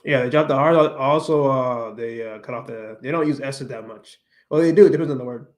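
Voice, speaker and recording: Here a male stream host speaks briskly at medium pitch, chatting loosely with his audience. He mixes English with Spanish, rambling along with frequent restarts and filler words.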